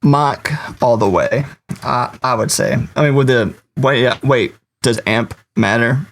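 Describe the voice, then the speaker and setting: A man's voice: mid-range voice, a little slow, vocal fry. A man appearing as a guest on a casual podcast, chatty and self-deprecating. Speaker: podcast guest, pedal maker.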